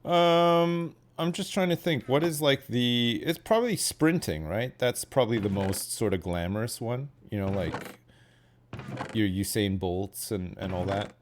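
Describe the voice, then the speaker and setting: A man's voice: medium pitch, lively intonation, measured pace, slight background noise. A Canadian man chatting casually on a stream, rambling and often ending with "right?". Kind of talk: casual chat.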